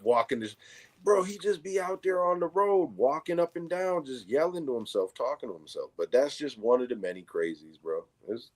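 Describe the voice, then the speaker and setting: A middle-aged man with a New York accent, co-hosting a casual chat and telling animated stories full of swearing, acting out what people said. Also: medium pitch, moderate pace. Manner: animated storyteller, acts out quotes, heavy swearing. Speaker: co-host.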